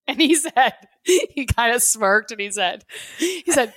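A woman's voice: sits high, lively intonation, takes it slowly, a bit bright, no echo, studio quality. A woman co-hosting a casual podcast, telling stories animatedly and acting out quoted lines with laughs. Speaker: podcast co-host. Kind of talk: casual chat.

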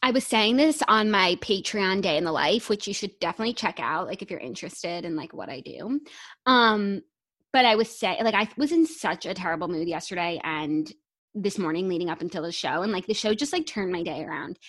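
A young woman co-hosting a podcast in casual chat, agreeable and expressive as she reacts and shares her opinions. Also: lowish voice, a little fast. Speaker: podcast co-host.

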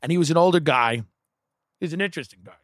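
Male comic, slightly higher-pitched voice, wry and profane, rambling storyteller, dry close sound. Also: rapid-fire, no room sound. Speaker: comedian. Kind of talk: stand-up storytelling.

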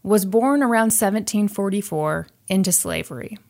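A woman from the Midwest of the United States co-hosts a casual true-crime podcast, chatty and self-deprecating and often breaking into laughs. Her voice is medium-pitched, creaky and darkish, at a normal speed.

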